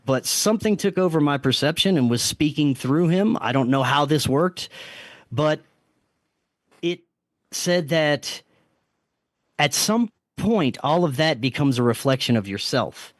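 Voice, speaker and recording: A man's voice: on the high side, animated, unhurried, no echo. A man, a podcast guest, earnestly retelling a strange experience with restarts and quoted self-talk. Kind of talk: storytelling in casual interview.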